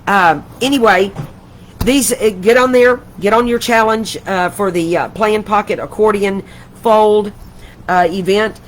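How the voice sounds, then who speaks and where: This older woman's medium-pitched voice comes through a low-quality recording with slight background noise. She's streaming live from home, rambling warmly and effusively about crafts.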